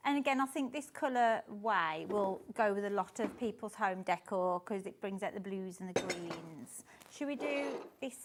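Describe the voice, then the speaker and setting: A woman presenting store deals on a live shopping channel, bubbly and a bit flustered, quick to laugh. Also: mid-range voice, animated, background noise. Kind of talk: live TV sales chat. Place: TV studio.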